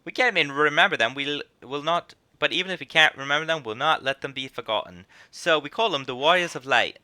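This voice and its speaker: A man's voice: mid-range voice, expressive, brisk, bright, forceful tone. A man voicing a chatty female innkeeper who runs a guild, reading her lines in a drawl that drifts between put-on accents. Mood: folksy, storytelling.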